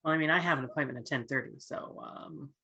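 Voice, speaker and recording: Fast-talking tabletop player. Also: mid-range voice, creaky, pushed and bright, slightly rough, dull audio. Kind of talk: tabletop role-play chat.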